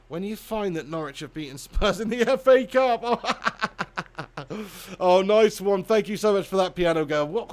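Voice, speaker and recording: A young man hosting a casual football watch-along stream, chatting and laughing as he reads comments and calls the chances. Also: sits high.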